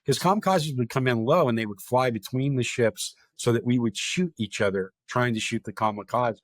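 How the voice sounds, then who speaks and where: A man's voice: medium pitch, moderate pace, no room sound. A man speaking as a guest and telling a vivid, dramatic story, quoting people directly as he goes. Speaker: guest, historic park chief of staff.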